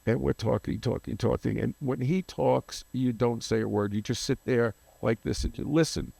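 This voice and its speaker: Gravelly older man telling rambling stories. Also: medium pitch, fairly even intonation, mellow, no room sound. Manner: rambling, halting, with restarts and forgotten names. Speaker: guest photographer. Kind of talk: anecdotal interview storytelling.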